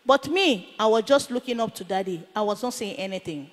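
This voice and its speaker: A woman's voice: medium pitch, expressive, brisk. A woman preacher delivering a sermon as she recounts a vision, emphatic and full of rhetorical questions. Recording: long reverb of a large hall.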